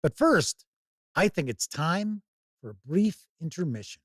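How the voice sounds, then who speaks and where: A man hosting a tabletop gaming livestream in casual, unhurried chat. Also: fairly high pitch, no room sound, studio quality. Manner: unhurried, relaxed talk with fillers. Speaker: host.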